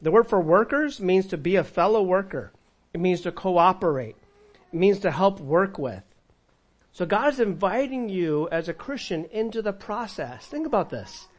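A male pastor preaching a sermon, asking the congregation questions and swinging between loud and quiet. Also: high-pitched, animated, moderate pace. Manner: preaching with audience call-and-response, dramatic volume swings.

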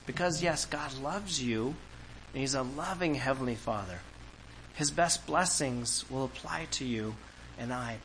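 A man's voice: medium pitch, bright, forceful tone, a little hiss or hum, poor audio. A man preaching a sermon, emphatic and asking the congregation questions as he reads scripture. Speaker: pastor.

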